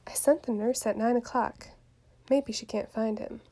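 A woman reading the part of an impatient lovesick teenage girl aloud from a play, quiet and soft with some words whispered. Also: a little high, steady tone, moderate pace, lightly acted. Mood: eager.

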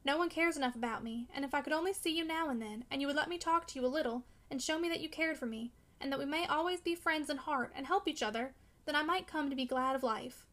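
A woman's voice: high-pitched, fast, a bit bright. A woman reading the part of a discouraged young man who speaks impetuously and pleadingly. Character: discouraged, longing young man of twenty-one. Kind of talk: audiobook character reading.

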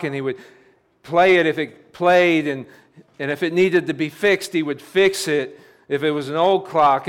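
A man's voice: on the high side, clean tone. Man telling a sermon story. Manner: repetitive, plain storytelling cadence. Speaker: pastor.

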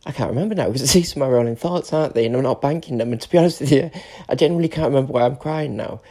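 Gravelly tearful man in his forties ranting. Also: medium pitch, rapid-fire, warm tone. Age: 40s. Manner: emotional, ranting, swearing, repetitive. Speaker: podcast host. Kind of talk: unscripted solo monologue.

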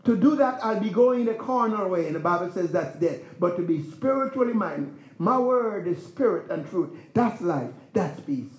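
Pastor, male, very high voice, chatty preaching with asides to the congregation, church echo. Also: expressive, normal speed, hardly any pauses. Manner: conversational preaching with laughs and rhetorical questions. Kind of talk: sermon.

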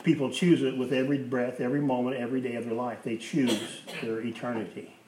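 A man's voice: mid-range voice, little pitch movement, brisk. A man preaching a sermon as pastor, emphatic, repeating key phrases for effect. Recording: roomy, distant mic with faint hiss.

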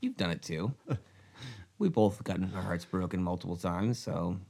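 A man's voice: sits low, animated, moderate pace, vocal fry, a little mellow. A young man co-hosting a podcast, rambling and swearing freely in casual chat about a film. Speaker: podcast co-host.

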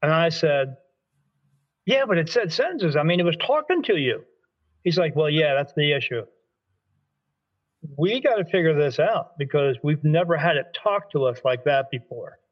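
At a moderate pace and fairly high pitch, a man from Delaware who works as a spirit medium narrates a story in conversation. The audio is dull; he performs the quoted dialogue with animation and restarts sentences often.

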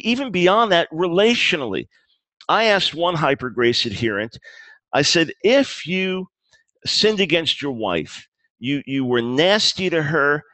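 A man's voice: a little high, fairly bright tone, dry recording. A man being interviewed about his book, explaining his views earnestly, often restarting phrases and acting out quoted dialogue. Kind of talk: conversational interview.

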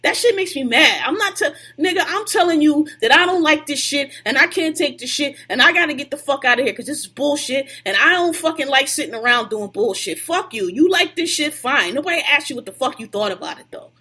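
A woman's voice: high voice, expressive, brisk, few pauses, bright, forceful tone. A woman on a podcast venting at length in a heated, profane, casual rant.

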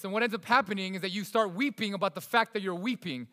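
Pastor guy preaching, fairly high voice, goes loud then real quiet, big echoey hall. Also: fast, few pauses. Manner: swings between loud emphasis and hushed, soft delivery. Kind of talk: sermon.

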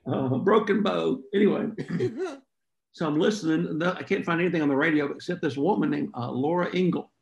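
Gravelly man telling a story. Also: on the high side, echoey room, muffled recording, a crowd in the background. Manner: folksy, drawn-out storytelling with throat clearing. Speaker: podcast guest. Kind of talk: storytelling interview chat.

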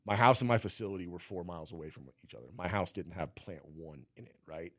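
A man's voice: sits low, fast talker, a bit bright, no echo, clean studio sound. A man being interviewed, telling a story casually with lots of "like" and some swearing. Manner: rambling, heavy use of "like", swearing. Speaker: guest, former cannabis cultivator.

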